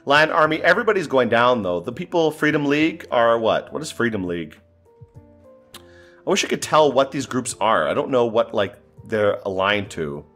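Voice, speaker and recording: A man in the middle of a pitch range commentates a strategy game in a loose, exasperated way, muttering to himself and cursing at setbacks. Faint music plays quietly underneath his voice. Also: big pitch swings, normal speed. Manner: exasperated, swearing, talking to himself. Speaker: gaming commentator. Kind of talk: casual gameplay commentary.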